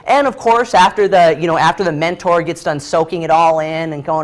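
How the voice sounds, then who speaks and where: A man's voice: on the high side, steady tone, a little fast. A man leading a training session, telling a story freestyle while drawing, loose and chatty with many fillers and restarts.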